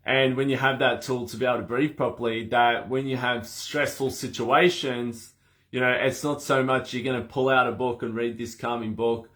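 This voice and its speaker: A man with a mid-range voice talks at a normal speed while leading breath work in a relaxed chat. He's lively and laughs often, playing out small scenes as he goes.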